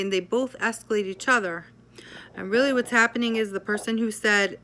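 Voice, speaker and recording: Female therapist, measured explainer, bright and crisp, slightly low-pitched. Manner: measured, explanatory, often checks in with "right?". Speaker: psychotherapist. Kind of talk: explanatory talk to camera.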